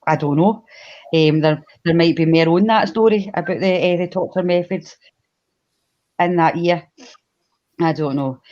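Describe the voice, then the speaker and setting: A woman's voice: fairly low pitch, unhurried, long pauses, darkish tone, highs cut off. A woman with a Glasgow accent, co-hosting a live stream, chatty and laughing often as she tells a history story and greets the chat. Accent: Glaswegian. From Scotland. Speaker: podcast co-host. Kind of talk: casual livestream storytelling.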